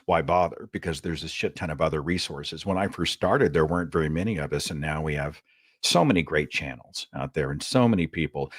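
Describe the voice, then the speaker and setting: A man's voice: low voice, no echo, clean studio sound. A man hosting a call-in show, talking in a casual, loose, conversational way. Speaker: host.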